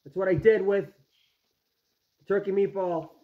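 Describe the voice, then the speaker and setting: A man's voice: high voice, fairly even intonation, normal speed, slight background noise. A man in his forties ranting comically and self-mockingly about his food, with many fillers. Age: 40s. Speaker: vlogger dad. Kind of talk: comic rambling rant. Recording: echoey room, dull lo-fi sound.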